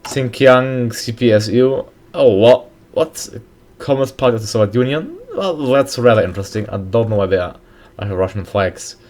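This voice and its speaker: A man hosting a casual game mod review, reading out names haltingly with frequent pauses and restarts. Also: mid-range voice, a little mellow. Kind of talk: casual screen-recorded game commentary.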